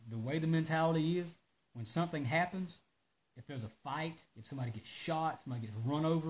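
A man hosting a casual live stream, ranting in an animated way and reading out viewer comments. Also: on the high side, poor audio. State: out of breath. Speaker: host of a live parts-shop video.

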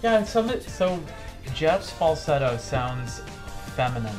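A man's voice: a little high, big pitch swings, takes it slowly. A man reviewing soundtrack music with friends, making playful, joking asides. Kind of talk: casual group chat.

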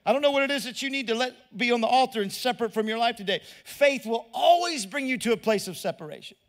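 A man's voice: very high-pitched, lively intonation, fast. A middle-aged male pastor, preaching in a loose, conversational way that repeats words and asks the crowd questions. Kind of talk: preaching sermon.

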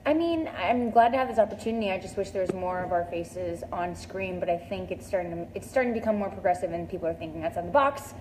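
Young woman, casual chat, relaxed joking tone, faint background noise. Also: lowish voice, quick pace, few pauses, low-quality recording. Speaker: actress on a live stream. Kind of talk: casual live-stream chat.

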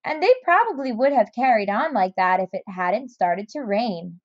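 A woman reading a children's storybook aloud in a gentle, expressive way. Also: medium pitch, moderate pace, dry recording, dull audio. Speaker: narrator.

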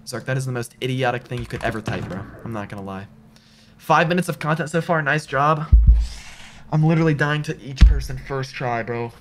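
A man's voice: mid-range voice, brisk, faint music behind. A young man live-streaming a video game, talking to chat in a slangy way and repeating himself when frustrated.

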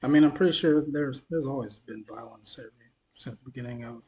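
A man's voice: medium pitch, fast, darkish tone, slight background noise. A man from Mississippi, talking loosely in a news commentary vlog, tired and dehydrated after the gym, rambling and stumbling over his words. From Mississippi, USA. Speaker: news vlogger.

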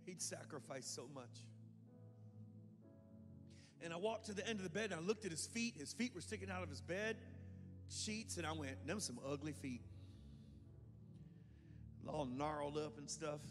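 A man preaching a sermon, telling a story and acting out the voices in it, swinging from hushed tones to shouts. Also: on the high side, a little fast. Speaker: pastor. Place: church sanctuary. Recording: long hall reverb with faint music.

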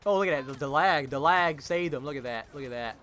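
A young man gives live commentary as he plays, his voice bright and a touch high for a man. He is jumpy and excitable, calls out to his teammates and fills his sentences with "like". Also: fast talker. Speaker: gaming channel host.

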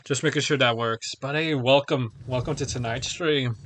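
A man's voice: mid-range voice, normal speed, a bit bright, a little hiss or hum. A man chatting casually on a game livestream, rambling and chuckling as he sorts out technical problems. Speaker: gaming streamer.

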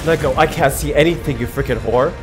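A young man streaming a video game, narrating his play with exasperated mutters that break into loud outbursts, game music behind him. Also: a little high, fast. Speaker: gaming streamer. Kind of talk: live gameplay commentary.

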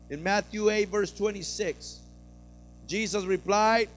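A pastor preaching a sermon, moving from quiet explanation to loud, fervent preaching and acting out scenes. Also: male voice, sits high, normal speed, soft background music. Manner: builds from soft teaching to loud preaching, acts out frightened disciples.

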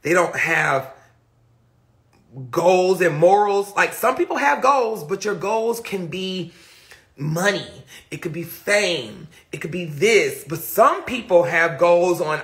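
A woman's voice: fairly low pitch, animated, slow. A woman hosting a casual live stream, reading viewer comments, talking bluntly and profanely with many repeated fillers. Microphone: phone or webcam on a live stream.

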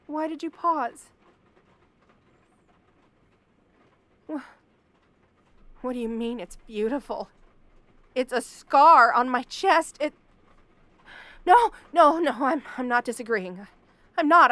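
A woman's voice: high-pitched, unhurried, long pauses, dry recording. A young woman acting a frightened captive in an audio drama, stammering and pleading. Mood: timid, fearful. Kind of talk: audio role-play.

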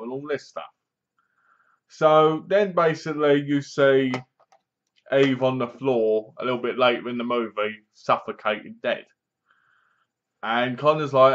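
A man's voice: medium pitch, unhurried, a bit bright, highs cut off. A young man chattily retelling a film's plot in a casual review, leaning on fillers like "basically". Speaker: film reviewer. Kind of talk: casual spoken movie review.

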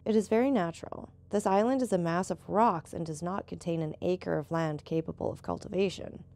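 A woman voicing a calm, seasoned male boat captain who patiently explains things. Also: lowish voice, a little fast, lightly acted.

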